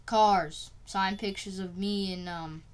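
A woman's voice: mid-range voice, fairly even intonation, takes it slowly, clean tone. A woman co-hosting a podcast who reads out segments and sponsor lines and laughs often between them. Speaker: podcast co-host. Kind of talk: scripted podcast segments with playful banter.

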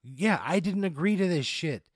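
A man playing along in an improvised comic story, with incredulous, profane deadpan reactions. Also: sits high, moderate pace, no room sound, studio quality. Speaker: player. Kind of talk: improvised comedic play.

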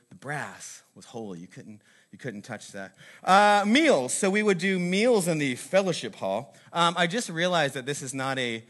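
A man's voice: a little high, fairly bright tone. A man from the American South hosting a video, telling stories in a casual, joking, self-mocking way, rambling with many fillers. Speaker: video host. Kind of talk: casual comic storytelling to camera.

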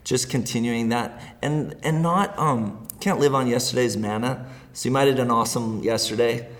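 A man's voice: mid-range voice, normal speed. A middle-aged man speaking as a guest in a casual interview, earnest and rambling, often laughing as he talks.

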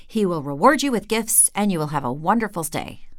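A woman's voice: on the low side, animated, brisk, dry recording, studio quality, lightly acted. Woman playing a stern king, storybook, firm commanding voice. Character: stern male king sending a servant abroad.

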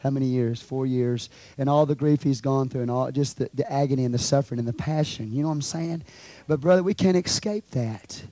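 A man preaching a sermon as pastor, swinging from quiet storytelling to shouted calls to the congregation. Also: medium pitch, fairly quick, no room sound. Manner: preaching with rising shouts and call-and-response asides.

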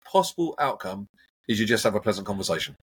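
A man, a hypnotherapist, talking in a casual interview and acting out everyday examples in an animated, coaching way. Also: fairly low pitch, quick pace, slightly rough. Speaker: hypnotherapist guest.

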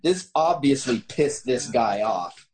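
A man reads a listener's story aloud to friends in a dramatic, storytelling tone. He keeps breaking into laughter and stumbles over lines, his pitch sitting in an ordinary middle range. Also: lively intonation, slow pace, a little mellow, low-quality recording. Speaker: podcast co-host reading a story aloud. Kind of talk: casual group chat, reading a listener story.

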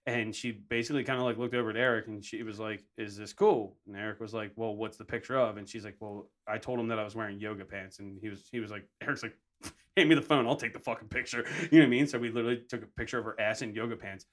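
A young podcast co-host tells a story in casual chat, swearing a lot and acting out everyone's lines. His voice is on the low side, and he talks quickly with hardly any pauses.

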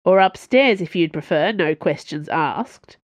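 A woman's voice: lowish voice, expressive, measured pace, dry recording. A woman voicing a burly male bartender who breaks up a fight in a hearty, bossy way. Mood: brisk. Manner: hearty, bossy, then hushed.

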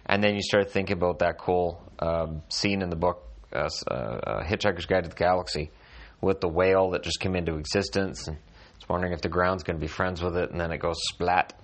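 Low-voiced man chatting dryly on a podcast. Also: steady tone, a little fast. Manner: dry, self-deprecating humor with many restarts. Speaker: podcast host. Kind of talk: casual solo podcast chat. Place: hotel room.

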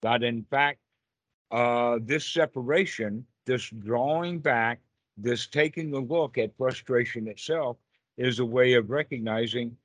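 A man teaching Buddhist practice on a group call, explaining earnestly and slowing down to stress key points. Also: mid-range voice, no room sound. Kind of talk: dharma talk on a group call.

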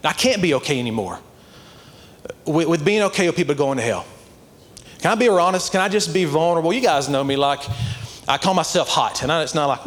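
Slightly high, animated and brisk, a man preaches a sermon with frequent pauses. He tells a story conversationally, using lots of "like" fillers, and builds toward earnest, passionate exhortation.

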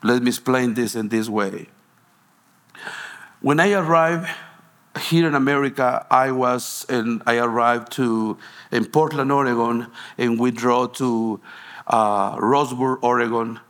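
A man's voice: medium pitch, steady tone, unhurried, a bit bright. A man from Guatemala, a pastor preaching a sermon in a storytelling way, with broken phrasing and frequent restarts.

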